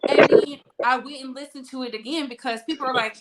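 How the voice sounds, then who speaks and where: High-voiced woman from Louisiana hosting. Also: steady tone, fast talker, very noisy. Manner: leading the talk, calling on guests. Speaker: host. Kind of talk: casual gossip chat.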